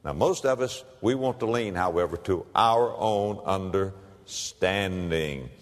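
A pastor delivering a sermon. He swings from hushed asides to emphatic lines and acts out the people in his stories. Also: low voice, takes it slowly. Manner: plays out little scenes in the voices of the people in his stories. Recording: long reverb of a large hall.

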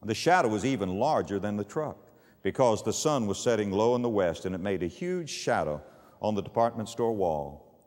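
A man preaching a sermon, telling stories and swinging from hushed low lines to loud emphatic ones. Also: animated, moderate pace, big-room sound.

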